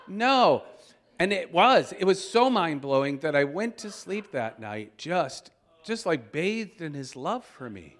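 Male preacher, storytelling sermon, a bit high-pitched, animated, chuckles, shouts out exclamations. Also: a little slow. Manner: chuckles while telling stories.

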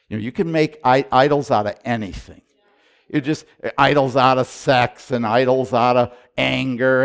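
A middle-aged man preaching a sermon as a pastor, retelling his prayers and moving between hushed and loud delivery, often repeating and restarting his words. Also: mid-range voice. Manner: repetitive restarts and stammers when excited. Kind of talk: sermon storytelling.

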